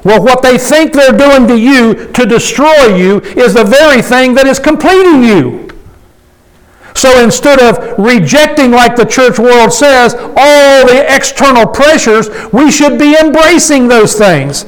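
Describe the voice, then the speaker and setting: A man's voice: extremely high pitch, unhurried, rough recording. A man preaching a conversational sermon to a small gathering, folksy and emphatic, often asking the congregation questions. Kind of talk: conversational sermon with call and response.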